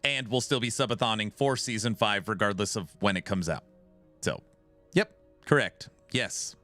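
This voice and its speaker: A man livestreaming and chatting with his audience in a loose, animated way. He often restarts his sentences. His voice is bright and forward, with faint music playing behind him. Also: fairly low pitch, moderate pace. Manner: animated, repeats himself when starting sentences. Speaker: game streamer reading chat. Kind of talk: casual livestream chat.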